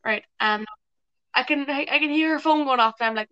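A woman's voice: sits high, a little fast, a bit bright, no echo. An Irish woman hosting a podcast in casual, chatty interview talk, swearing and laughing easily. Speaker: podcast host. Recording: muffled lo-fi home audio.

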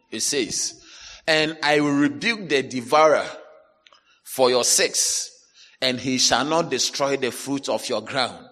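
A male pastor preaching a sermon, animated, dropping to low asides and rising to loud shouted lines as he acts out complainers. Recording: long hall reverb.

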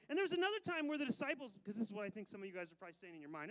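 A man preaching a sermon as pastor, animated, switching between loud emphasis and quiet asides, with frequent laughs between phrases. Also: high-pitched, very fast, hardly any pauses, rough recording.

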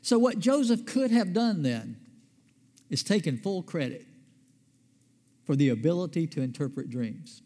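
A man's voice: a little high, very animated, unhurried, long pauses, warm tone. A man pastor preaching a sermon in a conversational way, asking his listeners questions and answering them himself. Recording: long reverb of a large hall.

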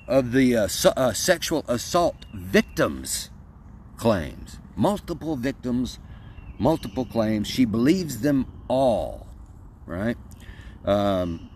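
A man's voice: mid-range voice, slight background noise. A man giving a casual opinion rant in a folksy, emphatic, rambling way, often restarting his sentences. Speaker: political commentator.

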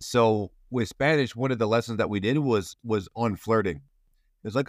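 Guy host, kinda low voice, rambly and jokey, dry sound. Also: normal speed, no echo. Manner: rambling, playful, lots of restarts. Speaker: podcast host. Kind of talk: casual conversation.

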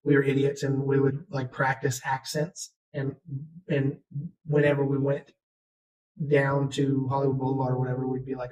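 A man's voice: mid-range voice, monotone, normal speed, a crowd in the background, rough recording. A man co-hosting a podcast, telling rambling, self-deprecating stories in casual chat. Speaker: podcast co-host.

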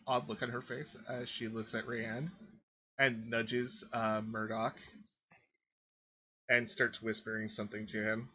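A man running a tabletop game as game master, narrating in a relaxed, hedging way. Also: lowish voice, a little slow, pauses often, husky, muffled recording.

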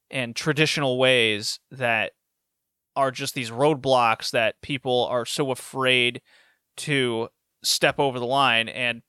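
A man hosting a casual podcast, animated and laughing often, with rambling asides. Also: mid-range voice, clear, resonant tone, no room sound, studio quality. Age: adult with a university degree. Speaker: podcast host reviewing wrestling shows. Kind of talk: casual chat.

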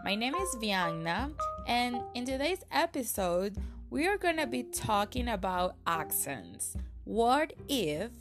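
A woman's voice: a little high, sing-song, slow, over music. A woman hosting a podcast, giving an earnest, encouraging monologue with reflective questions. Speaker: podcast host.

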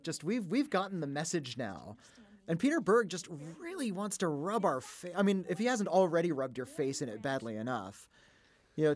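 A male film critic chats about a movie on a podcast, his voice a touch higher than most men's. He talks loosely and conversationally. He keeps breaking into laughter between his points. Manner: chatty, laughs often. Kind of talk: casual film discussion.

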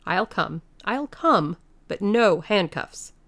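Indignant invisible man, sharp and scolding, slow and gravelly, read by a woman. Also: mid-range voice, expressive, dry recording. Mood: stubborn.

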